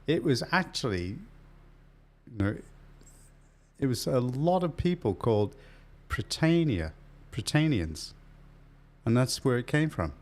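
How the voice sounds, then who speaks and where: A man's voice: medium pitch, very animated, a little slow, long pauses, a little mellow. An easygoing man co-hosts a casual chat, laughing along with his partner but standing his ground when doubted. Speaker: podcast co-host.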